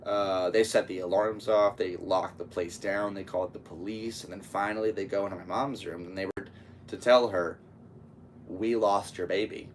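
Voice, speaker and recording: Deep-voiced rambling man hosting a podcast. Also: normal speed, distant mic, slight background noise. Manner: rambling, animated, breaks into loud yelps. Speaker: podcast host. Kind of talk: casual solo podcast monologue.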